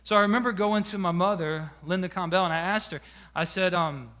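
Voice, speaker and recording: Man, pastor, emotional storytelling sermon, bright high voice. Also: a little fast. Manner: emotional, personal storytelling with many restarts. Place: church sanctuary.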